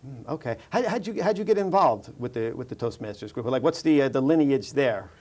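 A man's voice: mid-range voice, expressive, fairly quick, a little mellow. A man hosting a TV career show, chatting casually with a guest, with many fillers and restarts. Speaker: TV show host. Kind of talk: casual interview chat.

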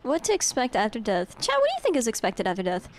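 A woman's voice: on the high side, wildly swooping pitch, quick pace. A young adult woman streaming a game live, chatting with her viewers in a casual way and swearing now and then. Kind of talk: live gameplay commentary.

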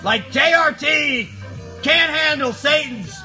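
A shrill, piercing cardboard box monster, hollering crude jokes at his live chat. Bright, strained squeals that climb very high, with faint music playing behind. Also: slow, heavily acted. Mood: rowdy. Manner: shouty, crude, rambling banter with chat. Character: rowdy foul-mouthed cardboard box monster. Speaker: live streamer. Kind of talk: live stream puppet character chat.

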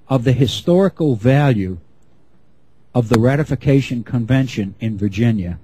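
A middle-aged man giving an unscripted history lecture, measured and often restarting his phrases. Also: medium pitch, warm tone, slightly rough, low-quality recording.

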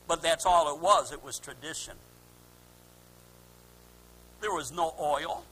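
A man preaching a fervent sermon as pastor, swinging between quiet, drawn-out lines and shouted calls. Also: on the high side, slightly rough, poor audio.

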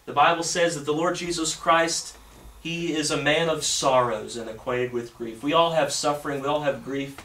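A male pastor preaching a sermon and reading scripture aloud, often halting and repeating words. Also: fairly high pitch, fairly even intonation, bright, forceful tone. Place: church sanctuary. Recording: echoey church from a distance.

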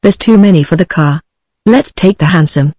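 A woman's voice: fairly low pitch, normal speed, no echo, lightly acted. A British female TTS voice reading a restless teenage girl. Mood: dreamy. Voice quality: even, mechanical text-to-speech delivery.

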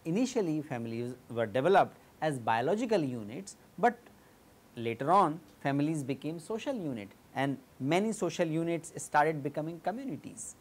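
A woman with an Indian English accent giving an academic lecture in a measured, explanatory way, often pausing with fillers and restarting sentences. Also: deep voice, very animated, a little mellow.

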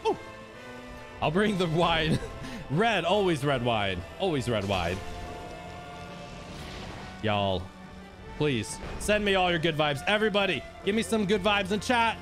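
A man streamer giving excitable live gameplay commentary to his chat, swinging between hushed talk and shouting. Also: on the high side, measured pace, pauses often, over music.

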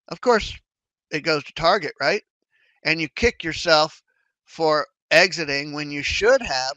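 Man, fairly high bright voice, conversational trading educator, animated, dry close sound. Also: no room sound, low-quality recording. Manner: conversational, animated, acts out inner thoughts. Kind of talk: casual explanatory talk.

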